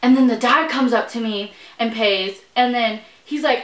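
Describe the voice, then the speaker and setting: A young woman with a fairly high voice talks casually while she eats. She tells stories in a chatty way, acting out the quotes and laughing often. Her voice bounces around an echoey room. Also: normal speed, hardly any pauses. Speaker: vlog host. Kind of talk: casual chat while eating.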